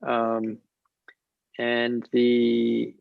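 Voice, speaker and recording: A man answering audience questions in an academic webinar, speaking in a measured, hesitant way with many fillers and restarts, over a video call. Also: mid-range voice, monotone, gravelly, no echo. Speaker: invited lecturer answering questions. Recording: muffled lo-fi webinar audio.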